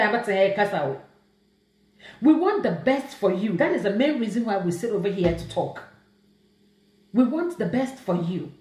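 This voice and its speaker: Ghanaian woman host, high animated voice, emotional rhetorical pleading, echoey room. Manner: emotional, pleading, many rhetorical questions, mixes in Twi. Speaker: livestream host. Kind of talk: impassioned live-stream rant.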